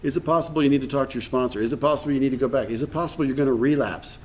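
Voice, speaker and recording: A man's voice: mid-range voice, rapid-fire, a little mellow. A man leading a recovery workshop in a meeting room, talking earnestly and acting out bits of dialogue. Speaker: workshop speaker.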